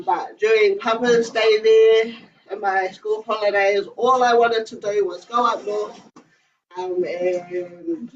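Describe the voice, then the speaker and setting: A speaker giving a hesitant family tribute, full of fillers. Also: mid-range voice. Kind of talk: informal memorial speech. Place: indoor family gathering. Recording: distant, muffled, faint hiss.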